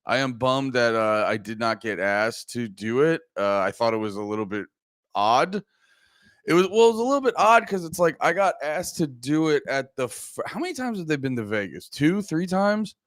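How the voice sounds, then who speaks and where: A man's voice: mid-range voice, lively intonation, moderate pace, a bit bright, no room sound. Male podcast host, groggy, rambling and profane, reads chat aloud, dry close sound. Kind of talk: casual livestream chat.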